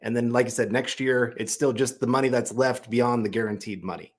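A man's voice: medium pitch, steady tone, brisk. A man co-hosting a sports podcast, explaining his reasoning at length in a conversational way. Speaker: podcast co-host. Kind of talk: casual sports analysis.

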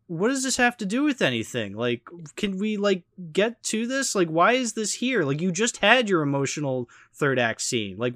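A man hosting a casual movie podcast, giving animated, critical opinions with lots of fillers. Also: medium pitch, dry recording, studio quality. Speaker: podcast host. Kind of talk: casual movie review chat.

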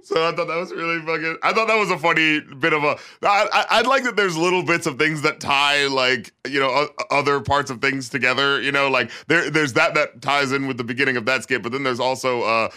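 A man's voice: medium pitch, fairly quick, few pauses, sharp tone, clear, resonant tone. A man chatting casually about a film, rambling and swearing, often slipping into quoted lines. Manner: rambling, profane, acts out quotes.

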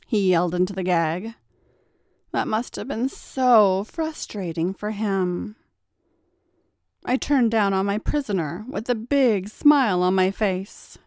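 A woman's voice: medium pitch, slow, darkish tone, no echo, clean studio sound. A woman reading a first-person story aloud, in a teasing, taunting voice. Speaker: story narrator.

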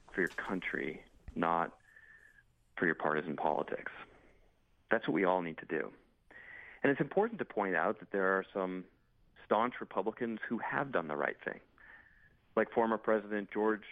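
A congressman and military veteran, a guest in a news interview, speaks urgently and emphatically. His voice sits on the low side with no room sound, coming through a phone on a dry, tinny line.

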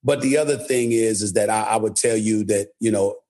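A man's voice: on the low side, brisk, warm tone. A man from New York City speaking as an interview guest, blunt and emphatic, often repeating his words. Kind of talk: candid interview talk.

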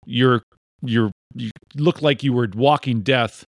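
A man's voice: medium pitch, slow pace, dry recording. A man hosting a podcast interview, joking and teasing his guest in a casual chat. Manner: jokey, animated, teasing, puts on funny voices. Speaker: podcast host.

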